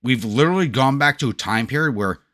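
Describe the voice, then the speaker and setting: A man's voice: mid-range voice, animated, fast talker, fairly bright tone. A middle-aged man with a New York accent, chatting bluntly and profanely with his livestream viewers. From United States. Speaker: livestream gaming host. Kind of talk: casual chat with stream viewers.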